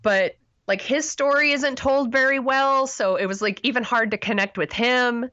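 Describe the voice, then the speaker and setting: A woman's voice: a little high, moderate pace, sharp tone, muffled recording. A woman co-hosting a podcast, talking through a movie review in a loose, rambling way with lots of fillers and self-deprecating laughs. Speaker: podcast co-host. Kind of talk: casual movie review chat.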